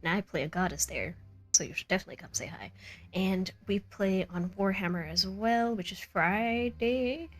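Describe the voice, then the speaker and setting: A chatty woman running a tabletop game, closing out a livestream with a bubbly, giggly manner. Her voice sits at an ordinary middle pitch, and faint music plays underneath. She sounds like she is talking from a home desk microphone. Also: moderate pace. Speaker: game master. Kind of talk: casual chat wrapping up a live tabletop stream.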